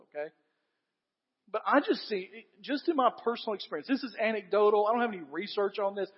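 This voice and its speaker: High-voiced male preacher in a reverberant hall. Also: husky, dull audio. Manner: earnest, building emphasis with repeated phrases, asks the congregation questions. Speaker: pastor. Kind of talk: sermon.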